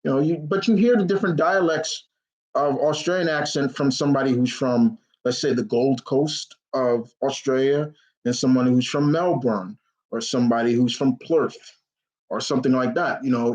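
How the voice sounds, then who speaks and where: A man's voice: medium pitch, normal speed, a little mellow, rough recording. A man hosting a live question-and-answer stream, chatting enthusiastically in a rambling way, full of fillers and restarts. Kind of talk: casual rambling chat.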